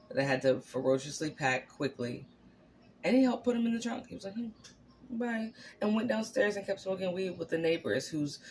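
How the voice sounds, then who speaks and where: A woman's voice: sits low, a little hiss or hum. A woman in her forties, telling a personal story on a vlog in a candid, blunt, sometimes profane way, acting out what people said. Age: 40s. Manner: candid, blunt, profane, animated, acts out quotes. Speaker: vlogger.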